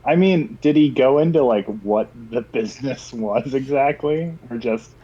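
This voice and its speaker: A man's voice: mid-range voice, moderate pace, mellow, slightly rough. A man co-hosting a podcast, tossing in dry wisecracks in casual chat. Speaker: podcast co-host. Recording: dull lo-fi sound.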